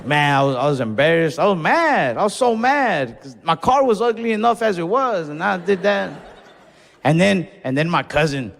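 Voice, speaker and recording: Young male comic, gravelly and laid-back, profane storyteller; live club mic, reverberant hall, faint crowd bed. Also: high voice, big pitch swings, normal speed. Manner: laid-back, profane, acts out his own shouts. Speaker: stand-up comedian. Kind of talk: stand-up storytelling. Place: comedy club stage. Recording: live room with long reverb.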